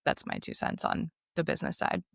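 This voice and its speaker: A young adult woman co-hosting a podcast in a casual, upbeat chat, quick with asides. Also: no echo, clean studio sound. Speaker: podcast co-host.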